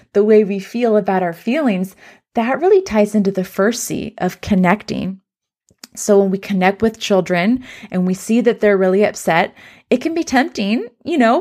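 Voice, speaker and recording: A young adult woman hosting an educational parenting podcast, speaking in a gentle, encouraging way and modeling soothing phrases for children. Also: medium pitch.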